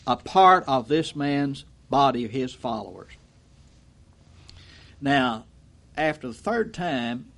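A man preaching an expository sermon in a folksy way, acting out quotes and swinging from loud to low.

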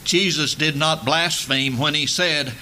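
A man preaching a sermon, emphatic and building to loud dramatic peaks. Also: a little high, steady tone, measured pace, a little hiss or hum.

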